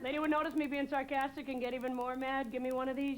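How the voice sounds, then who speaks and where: A young woman from New England doing a deadpan stand-up set, hesitating with many "uh"s. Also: high voice, fast, few pauses. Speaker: stand-up comedian. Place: TV studio stage before a live audience. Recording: loud audience laughter and noise.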